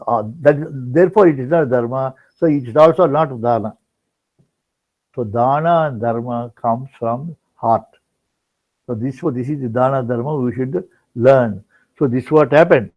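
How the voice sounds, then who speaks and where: A man's voice: medium pitch, measured pace. An older man giving a rambling devotional discourse, full of restarts and repeated words. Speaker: spiritual speaker. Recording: dull lo-fi online talk recording.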